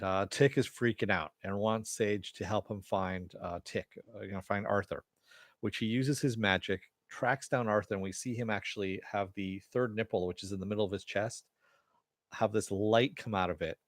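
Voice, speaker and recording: Man reviewing a TV episode: low voice, dry close sound, loose filler-heavy retelling. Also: dry recording. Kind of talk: casual episode recap.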